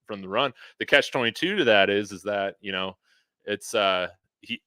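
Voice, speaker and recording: A man's voice: lowish voice, normal speed, bright, forceful tone, clean tone, no room sound. A man hosting a casual sports podcast. He is laid-back, chuckles often, and fills his talk with "man" and "you know". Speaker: podcast host.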